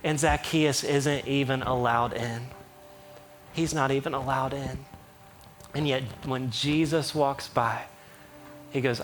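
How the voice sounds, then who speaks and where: A man preaching a sermon in an animated way, with playful asides and acted-out quotes. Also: mid-range voice, slow, pauses often, a little hiss or hum. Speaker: pastor.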